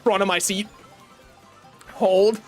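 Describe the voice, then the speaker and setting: High-voiced excitable male streamer. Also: slow pace. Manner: excitable, profane banter with chat. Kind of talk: live gameplay commentary. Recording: faint game music behind.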